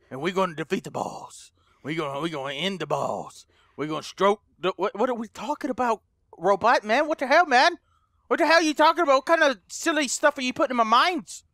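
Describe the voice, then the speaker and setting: A man narrates his horror game play in a high, bright voice that leaps up and down as he panics and yells. The recording is dry and close, with no room sound. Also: dry recording. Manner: excitable, screams and swears at the game; talks to viewers as guys. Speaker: gaming YouTuber. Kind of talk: let's play commentary.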